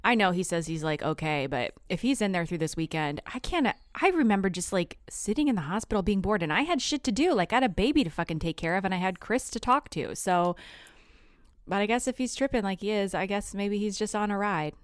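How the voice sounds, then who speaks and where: A woman co-hosting a podcast in casual chat, relaxed, sometimes searching aloud for her words. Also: medium pitch, a little fast, no room sound, studio quality. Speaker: podcast co-host.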